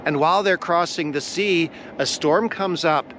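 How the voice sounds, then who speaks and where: A man teaching a devotional lesson on a vlog, earnest and deliberate, repeating his key phrases for weight. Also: fairly high pitch, a bit bright, a little hiss or hum. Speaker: Bible teacher.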